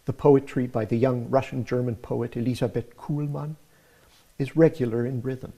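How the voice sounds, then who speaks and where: A man narrating a scripted music lecture in a measured, explanatory way. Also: mid-range voice, fairly even intonation, dark tone, breathy edge.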